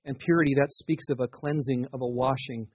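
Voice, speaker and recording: A man's voice: medium pitch, steady tone, fairly quick, a little mellow, breathy edge, no room sound. A man in his forties preaching a sermon, telling a personal testimony with earnest, emphatic rises. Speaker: pastor.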